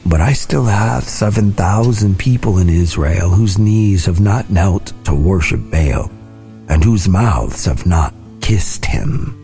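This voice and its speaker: A man voicing God as a calm, commanding male figure, low, measured and grave. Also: vocal fry, soft background music, heavily acted. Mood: solemn.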